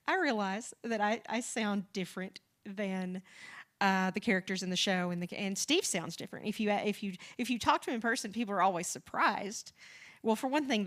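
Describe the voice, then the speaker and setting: A woman's voice: mid-range voice, fairly bright tone. A woman from the Southern United States, a podcast co-creator, talking as an interview guest in a rambling, chatty way, with frequent restarts and light laughs. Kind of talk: casual conversational interview.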